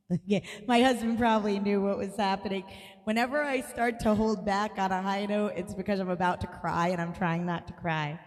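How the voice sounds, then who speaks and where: A woman's voice: medium pitch, steady tone, normal speed, in a large hall. A woman hosting a live music stream, chatting casually and rambling with frequent restarts.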